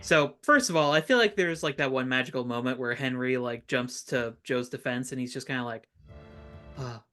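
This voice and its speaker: A player with a mid-range voice who describes a daring move step by step with real enthusiasm. Soft music runs faintly in the background. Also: medium pitch, brisk. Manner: enthusiastic, lays out plans step by step. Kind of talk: casual tabletop game play.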